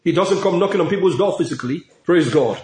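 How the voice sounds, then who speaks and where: A middle-aged man preaches in a notably high voice, hammering each point through repetition and shouts of praise. The sound carries a roomy echo. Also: expressive, quick pace. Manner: emphatic, repetitive preaching with frequent praise interjections. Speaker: pastor. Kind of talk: sermon. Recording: echoey room.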